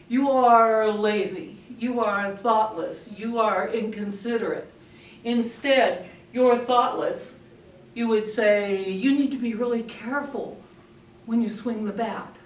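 A woman leads a parenting workshop before a live audience, lively and acting out little scenes as she talks. Her voice fills a roomy, echoing space and reaches a mic set some way off, with a faint hum of noise behind her. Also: mid-range voice. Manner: animated, acts out scenes with a puppet. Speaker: parenting speaker. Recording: echoey room from a distant mic.

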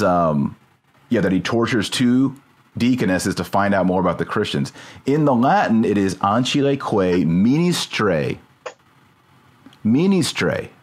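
A podcast host with a lowish, slightly mellow and somewhat rough voice talks through a subject in a casual discussion. He thinks aloud, pausing mid-sentence to check his terms.

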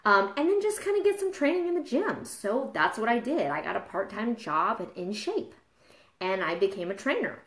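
A woman's voice: mid-range voice, sing-song, normal speed, a bit bright. A woman in her thirties speaks openly and personally to her viewers, like a mom sharing her story on a live stream. Her voice sits in the middle of the usual range for a woman. Her words ring through a roomy, echoey space. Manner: candid, confessional, gets emotional. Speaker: mom and fitness trainer. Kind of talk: casual live video talk. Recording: echoey room.

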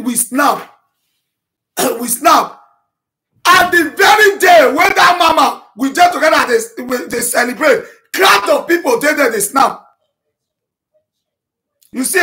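A man speaking Nigerian Pidgin English in an impassioned, repetitive monologue to his online audience, shouting and breaking into chanted vernacular as he rebuts accusations. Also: very high voice. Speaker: self-styled prophet addressing his online audience.

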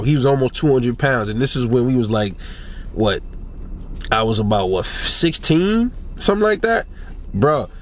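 Animated young man telling a story. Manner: animated, swearing, rising pitch when riled up. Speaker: boxing commentator. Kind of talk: casual storytelling rant.

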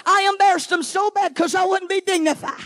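A middle-aged woman preaches at full cry, her very high voice ringing out in shouts. She punches phrases in a chanting rhythm and fires quick asides at the pews. The sound is close and dry, with almost no room echo. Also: steady tone. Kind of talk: fiery Pentecostal sermon. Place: church sanctuary.

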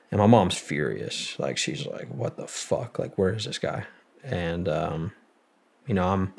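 Gravelly low-voiced young man. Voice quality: gravelly, husky. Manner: profane, halting storytelling with many fillers. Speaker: guest, Marine veteran. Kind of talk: casual storytelling.

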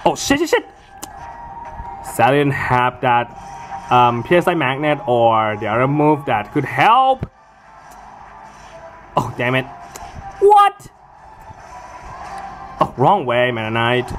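An excitable gamer talks through their own match in casual let's-play commentary, jumping between short, broken phrases. The pitch leaps up and down a lot, and they swear and laugh easily. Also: measured pace, long pauses, music in the background.

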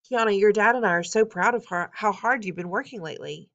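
A woman reading as a gentle, tired stepmother. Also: medium pitch, brisk, lo-fi sound, lightly acted. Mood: coaxing. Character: tired, overworked young stepmother.

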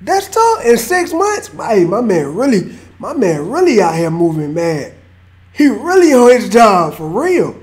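A man's voice: high-pitched, wildly swooping pitch, a little slow, a little mellow. A man hosting a reaction video, reacting to a freestyle in laid-back slang and hyping up the rapper. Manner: laid-back slangy hype, calls people bro. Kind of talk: casual reaction commentary.

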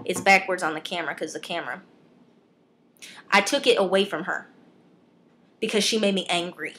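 A woman's voice: fairly low pitch, normal speed, a bit bright, a little hiss or hum. Exasperated rambling woman vlogger. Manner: rambling and exasperated, trailing off mid-sentence. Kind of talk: comedic vlog rant. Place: filming herself on camera.

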